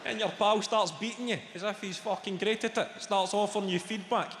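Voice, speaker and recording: A man's voice: high voice, fairly even intonation. A young Scottish man doing a stand-up routine, swearing freely and bantering with the crowd. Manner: swearing, quick banter with the audience. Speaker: stand-up comedian. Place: large comedy venue in front of a live audience. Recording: echoey hall, loud audience noise.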